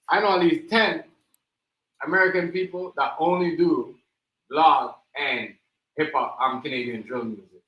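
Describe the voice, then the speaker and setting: A man's voice: on the high side, steady tone, measured pace, pushed and bright, low-quality recording. A man hosting a reaction livestream, ranting in a heated, mocking way and repeating himself. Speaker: livestream host.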